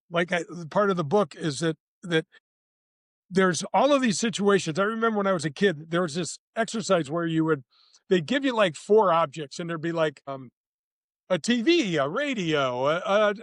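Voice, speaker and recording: A man's voice: sits high, a bit bright, no echo. A man in his sixties, a retired tour golfer, telling stories in a casual interview, rambling with restarts and acting out quotes. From St. Louis, USA. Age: 60s.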